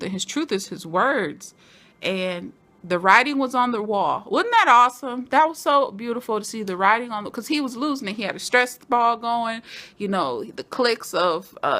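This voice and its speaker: A woman hosting a casual podcast, recapping a TV episode with animated, laughing commentary and acting out the characters' lines. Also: mid-range voice. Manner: animated, laughing, acts out quotes. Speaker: podcast host reviewing a TV episode.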